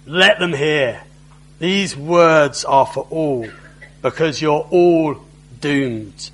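A man voicing a sneering, arrogant male envoy of a conquering king, taunting loudly. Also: high-pitched, big pitch swings, moderate pace. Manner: mocking, taunting, loud.

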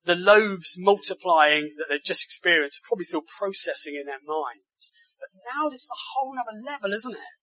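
A man delivers a sermon in a high voice, building his phrases with emphasis and turning to the congregation with rhetorical tag questions. His tone is bright and forceful, and the sound is dry and close, with no room echo. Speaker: preacher.

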